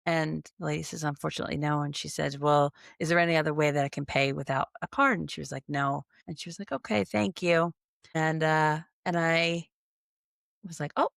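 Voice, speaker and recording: Creaky-voiced woman podcast co-host. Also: low voice, steady tone, fairly quick, fairly bright tone, no room sound, clean studio sound. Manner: storytelling, acting out both sides of a conversation. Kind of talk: casual chat.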